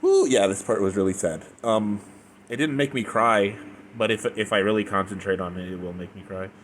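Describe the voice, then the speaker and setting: Man, casual reviewer, low voice, rambling retelling, lots of "like", faint hiss behind. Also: steady tone, fairly quick, fairly bright tone. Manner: rambling retelling full of "like" and restarts. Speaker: fanfiction reviewer.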